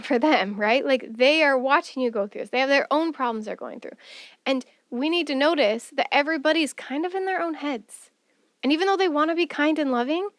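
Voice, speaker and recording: A woman's voice: sits high, dry recording, clean studio sound. A young woman hosting her own podcast, talking earnestly and conversationally, acting out quoted voices as she goes. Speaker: podcast host. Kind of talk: casual advice monologue.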